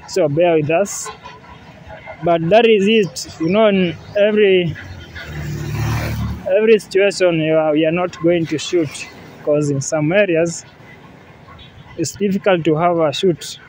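A man narrates his travel vlog at an unhurried, drawn-out pace, his voice sitting a little high for a man. He sounds relaxed and repeats words as he walks by a river, with faint outdoor noise behind him. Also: low-quality recording. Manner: relaxed, repeats himself, says "yeah, man" often. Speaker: vlogger. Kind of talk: casual travel vlog walk-through.

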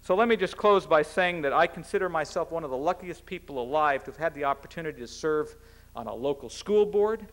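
A man's voice: fairly high pitch, animated. Earnest middle-aged man giving a policy speech. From United States. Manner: earnest, measured, some restarts. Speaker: cabinet secretary giving a speech. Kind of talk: formal public speech.

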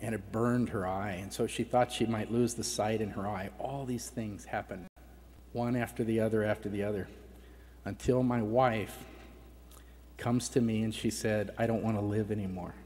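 A man's voice: lowish voice, fairly even intonation, moderate pace, darkish tone. A middle-aged man giving a heartfelt personal testimony at a conference, his voice catching with emotion now and then. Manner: emotional, voice breaking at times. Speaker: conference speaker. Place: large conference hall. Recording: long hall reverb.

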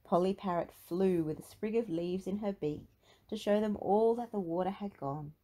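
A woman reading a children's picture book aloud in an expressive, sing-song storytelling manner. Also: mid-range voice, normal speed. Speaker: storybook reader.

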